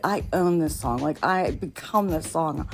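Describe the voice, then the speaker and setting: Faint music plays behind this podcast host as she recounts embarrassing stories at a measured pace in a casual monologue. She laughs frequently, and her voice leaps upward whenever excitement takes over.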